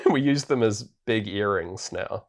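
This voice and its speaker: A man with a fairly low voice, animated but slow-paced, co-hosts a podcast and recaps a film. The chat is casual and rambling, packed with filler words and frequent laughter.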